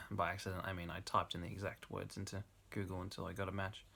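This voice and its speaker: A man's voice: low-pitched, little pitch movement, fast, creaky, pushed and bright, slight background noise. A young man reads bad fan fiction aloud for laughs, often breaking into laughter and chatting casually between passages. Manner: laughs through the reading, casual asides. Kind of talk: comic dramatic reading with asides.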